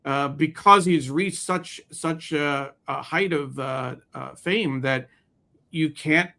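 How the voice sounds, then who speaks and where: A man's voice: fairly high pitch, slow pace, sharp tone. A man co-hosting a casual news discussion, thoughtful and hesitant, with many fillers. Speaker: co-host.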